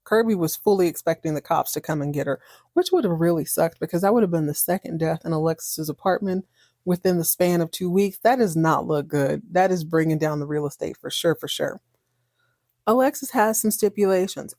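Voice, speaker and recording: A woman's voice: fairly low pitch, fairly quick, warm tone, dry recording, studio quality. A woman hosting a podcast, recapping a TV soap in a chatty, sarcastic, joking way. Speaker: podcast host. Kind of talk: casual TV recap.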